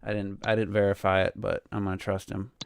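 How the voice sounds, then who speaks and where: Smooth dry-voiced man chatting on a podcast. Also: fairly low pitch, monotone, fairly quick, no room sound. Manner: rambling, full of fillers and asides. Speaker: podcast co-host. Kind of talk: casual podcast chat.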